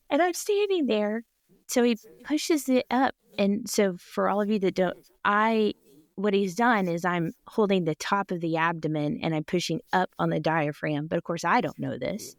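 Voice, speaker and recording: A woman in her forties, a surgical technology department chair, telling an animated personal story in a podcast interview and laughing often. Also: fairly low pitch, normal speed, dry recording. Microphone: podcast microphone.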